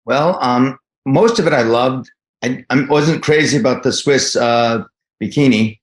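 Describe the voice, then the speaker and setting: A man's voice: mid-range voice, a little slow. A middle-aged man from New Jersey with a New Jersey accent, an actor guest telling stories with enthusiasm and frequent restarts. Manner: enthusiastic storyteller, many restarts. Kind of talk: casual interview answers.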